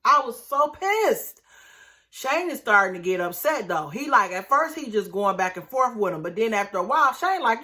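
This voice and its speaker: A woman recapping a reality TV episode in casual commentary, animated and outraged, talking straight to her viewers. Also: fairly high pitch, normal speed.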